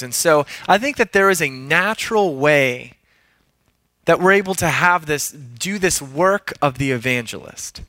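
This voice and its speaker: A man giving a sermon-style talk in an earnest, measured way with some fillers, introducing a video. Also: fairly high pitch, bright, forceful tone, no echo. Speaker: church teacher introducing a video.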